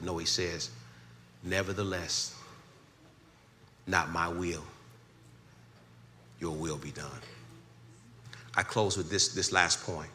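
A pastor preaching a sermon, building from calm teaching to loud, shouted climaxes. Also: male voice, low voice, takes it slowly, pauses often, slight background noise.

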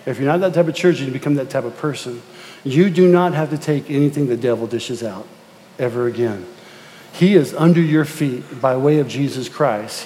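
A middle-aged pastor preaches in a church, his fairly high voice carrying a long hall reverb. He tells stories and then presses his point with emphatic repetition. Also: a little mellow, a little hiss or hum. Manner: storytelling, repeats words, builds to emphatic rising exhortation. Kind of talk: sermon. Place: church sanctuary.

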